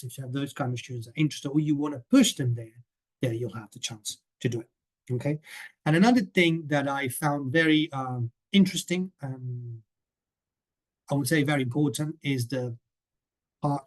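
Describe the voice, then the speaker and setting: Man, webinar presenter, chatty, keeps asking "okay?", mid pitch, video call mic. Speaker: teacher trainer presenting a coursebook.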